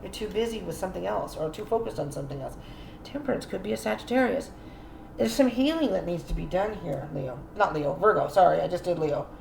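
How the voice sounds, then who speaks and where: Woman tarot reader, chatty and musing, gravelly edge, roomy echo with faint room noise. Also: fairly low pitch, lively intonation, fairly quick, a little mellow. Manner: chatty, musing aloud, addresses viewer directly. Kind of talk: casual spoken tarot reading.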